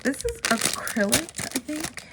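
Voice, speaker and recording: An excitable woman gushes over each item she unboxes, talking casually in a mid-pitched voice with a gravelly edge. Paper crinkling and tearing sound behind her in a noisy home recording. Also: measured pace. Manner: gushing, excitable, lots of "oh my God" and "like". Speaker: unboxing vlogger.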